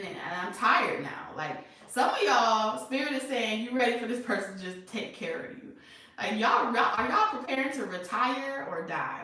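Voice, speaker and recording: Woman, tarot reader, casual and blunt, rhetorical questions, mid-pitched, distant mic. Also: a bit bright. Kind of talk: casual tarot reading to viewers. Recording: echoey room, far from mic.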